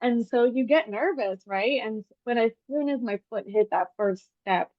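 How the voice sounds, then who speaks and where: A woman hosting a podcast, chatting casually and telling lively stories with animated quoted asides. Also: on the high side, normal speed, no room sound. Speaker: podcast host. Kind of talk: casual interview chat. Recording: dull, dry lo-fi podcast audio.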